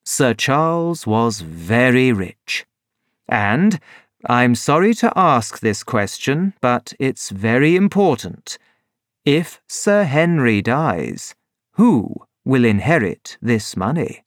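A man voicing a calm, shrewd middle-aged detective in a storybook reading, low and measured. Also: dry recording, studio quality. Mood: thoughtful.

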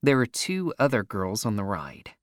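A man narrating a first-person story in an emotional, expressive reading voice. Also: fairly low pitch, moderate pace, dry recording, studio quality.

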